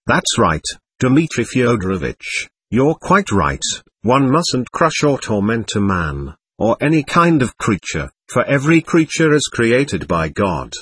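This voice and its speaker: A man voicing a simple, pious peasant coachman who speaks slowly and deferentially. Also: mid-range voice, sing-song, slightly rough, heavily acted. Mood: earnest. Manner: slow, deferential, gentle. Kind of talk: audiobook character voice.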